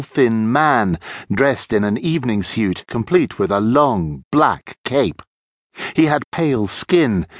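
Slow, lively male storybook narrator. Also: on the low side, no room sound, studio quality. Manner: expressive storytelling. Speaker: audiobook narrator. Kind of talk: children's audiobook narration.

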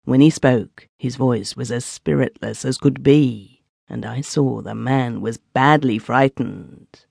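A man's voice: medium pitch, takes it slowly, creaky, a little mellow, husky, dry recording. A man narrating a first-person story for an audiobook in a dramatic storytelling manner, on a close studio microphone.

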